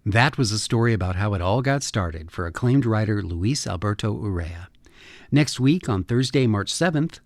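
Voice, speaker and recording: A man, the host and producer of a radio arts program, reading scripted announcements in a measured, clear delivery. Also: on the low side, a little mellow, no echo, studio quality.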